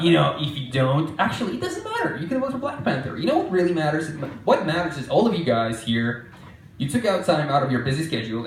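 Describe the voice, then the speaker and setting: A man's voice: medium pitch, a little hiss or hum. A man doing a sarcastic, exasperated stand-up rant in a mock court case at a live comedy venue. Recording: roomy hall sound, mic at a distance.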